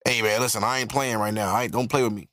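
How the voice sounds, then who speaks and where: A man putting on the voice of his grumpy older father, gruff and curt. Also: lowish voice, steady tone, quick pace, fairly bright tone, dry recording, clean studio sound, voice pushed down, close to an everyday voice. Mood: grumbling.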